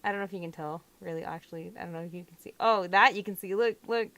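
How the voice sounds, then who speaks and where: A woman's voice: lowish voice, quick pace, a bit bright, no echo. A young woman chatting through a fiddly crafting job at home, often exclaiming as she works. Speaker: doll hobby vlogger. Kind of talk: casual crafting vlog.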